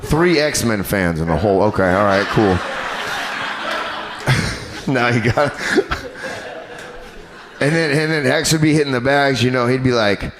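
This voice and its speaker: A man doing a stand-up comedy set on a club stage, animated and crude in his delivery. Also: mid-range voice, unhurried, pauses often, a faint crowd, a little hiss or hum. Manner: animated, crude, jumps into character voices.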